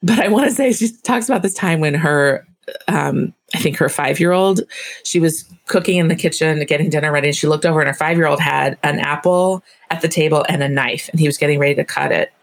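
A woman's voice: low-pitched, a little fast, gravelly. A woman co-hosting a podcast, chatting casually about a book and reading passages aloud with animation. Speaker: podcast co-host.

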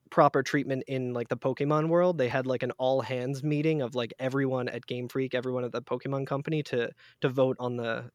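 A man's voice: medium pitch, no echo. A man chatting casually as a podcast guest, winding through a long story full of "um" and "like". His voice sits in a middling register and sounds dry and close, with no room around it. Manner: rambling, many fillers and restarts.

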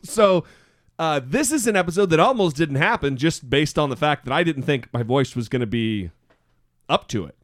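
Podcast co-host, male, hoarse, animated and profane, dry close mic. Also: a little high, normal speed, dry recording. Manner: animated storytelling, swearing freely. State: hoarse voice from a throat illness. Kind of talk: casual chat.

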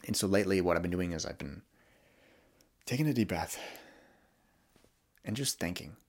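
A man's voice: sits low, lively intonation, normal speed. A young man hosting a solo podcast, talking candidly and reflectively about his feelings, with frequent restarts. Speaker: podcast host.

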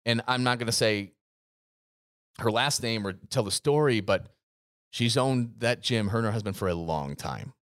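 A man's voice: fairly low pitch, lively intonation, normal speed, a bit bright, no echo, studio quality. A man co-hosting a podcast, talking earnestly and emphatically about coaching gym owners, often repeating himself. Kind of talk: casual podcast chat.

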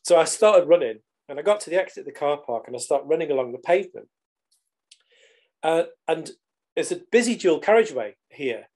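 A man's voice: on the high side, animated, fairly quick, darkish tone. A middle-aged man, telling a story animatedly as a podcast guest, with casual swearing. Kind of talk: storytelling in conversation.

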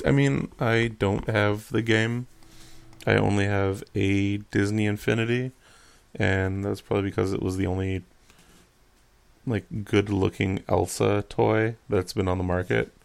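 A young man co-hosts a podcast, rambling through casual chat full of fillers and crude jokes. His voice is on the low side, with vocal fry.

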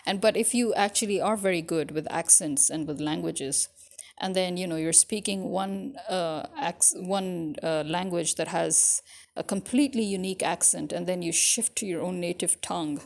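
A woman's voice: fairly low pitch, moderate pace, vocal fry, a little mellow. A woman vlogger talking casually to her viewers, musing aloud and asking them questions. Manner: chatty, musing, asks the audience.

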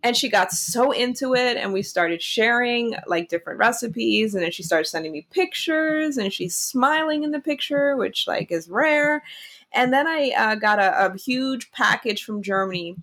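A woman hosting an interview podcast, telling a story in an animated, excitable way. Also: fairly high pitch, normal speed. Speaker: podcast host. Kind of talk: casual conversational interview.

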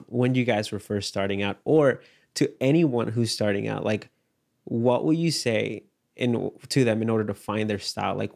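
A man hosting a podcast, asking a guest questions in a relaxed, encouraging way. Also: lowish voice, gravelly. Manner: relaxed, encouraging, lots of short backchannels. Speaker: podcast host. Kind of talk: casual podcast interview.

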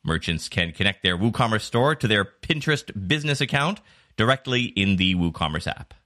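A man hosting a digital marketing news podcast, reading scripted segments with clear, varied emphasis. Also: on the low side, animated, moderate pace. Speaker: podcast host.

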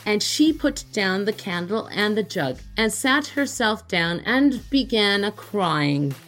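A woman hosting a podcast, reading an old folk tale aloud in a lively storytelling manner. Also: mid-range voice, slow pace, faint music behind. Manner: lively read-aloud, lifting her voice for characters' cries. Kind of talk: storytelling narration.

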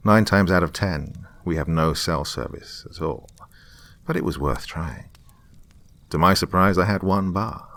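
A man narrating a scripted horror story in a slow, hushed, suspenseful delivery. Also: sits low.

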